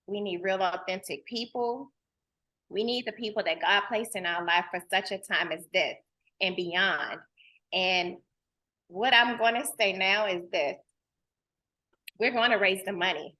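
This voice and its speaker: Speaking to her audience in a sharp-toned, mid-range voice, a woman host keeps things casual and heartfelt. She's earnest and emotional, and her folksy talk leans heavily on "girl" and "y'all."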